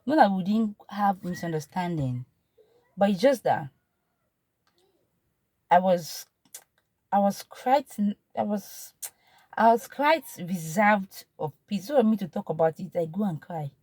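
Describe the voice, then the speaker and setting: A woman's voice: medium pitch, unhurried, pauses often, husky, no echo. A woman in her thirties with a Nigerian accent, telling a personal story in an emotional, repetitive way. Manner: emotional, repetitive, shifts from animated to hushed. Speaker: vlogger. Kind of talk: personal testimony.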